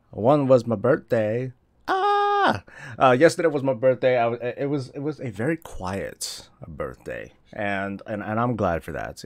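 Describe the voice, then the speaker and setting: A man hosting a casual morning live stream, rambling and self-deprecating as he chats with viewers. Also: mid-range voice.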